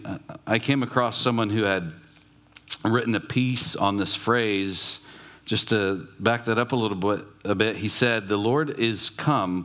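Low-voiced man preaching a sermon. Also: a bit bright. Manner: reflective, asks questions aloud, slows to stress key words. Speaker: pastor.

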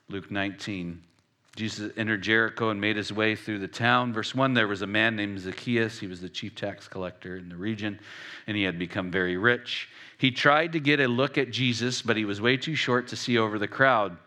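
A man's voice: medium pitch, sharp tone. A man preaching a conversational sermon, asking the listeners rhetorical questions and stressing key words with emphasis.

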